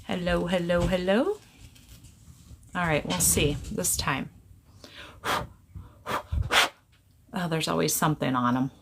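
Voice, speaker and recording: A woman's voice: sits low, takes it slowly, creaky, long pauses, noisy background. A middle-aged woman chatting casually on a phone live stream, greeting viewers and joking around in a silly mood.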